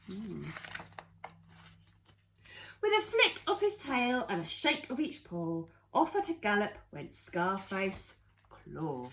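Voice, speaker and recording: A woman reads a rhyming picture book aloud to young children. She takes it slowly and lets her pitch rise and fall freely. She breaks off now and then for playful asides to her listeners. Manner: expressive sing-song rhyming read-aloud with playful asides. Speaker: children's storyteller.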